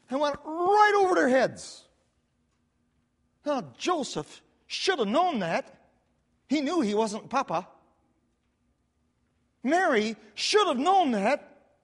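A man preaching a sermon, telling the story with lively repetition and quick asides, recorded in a church sanctuary. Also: very high-pitched. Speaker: pastor. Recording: long hall reverb.

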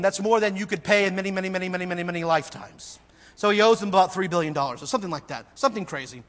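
A male pastor with a high voice preaches earnestly. He swings between emphatic bursts and quiet, intense asides, with a long reverb trailing through the church hall. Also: fast. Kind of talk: sermon.

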